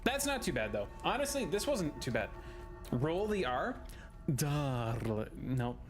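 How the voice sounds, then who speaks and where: A man's voice: on the high side, wildly swooping pitch, normal speed. A young man giving casual gameplay commentary, joking and laughing at himself as he plays. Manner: joking, giggly, self-mocking. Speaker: gaming streamer. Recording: music playing under the voice.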